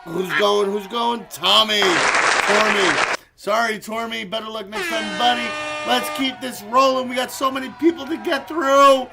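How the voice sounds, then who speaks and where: High-voiced guy calling out a stream game, slow and gravelly, loud crowd noise behind. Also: loud music behind the voice. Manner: playful announcer, laughing, calling out eliminations. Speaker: streamer hosting a community game. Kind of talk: live-stream commentary.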